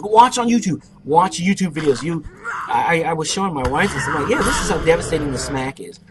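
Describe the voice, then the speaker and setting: Brash young guy, casual gaming commentary, swears freely, lively storyteller, light hiss behind. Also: on the high side. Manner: brash, profane, boastful storyteller. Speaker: gameplay commentator. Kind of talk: casual let's play storytelling.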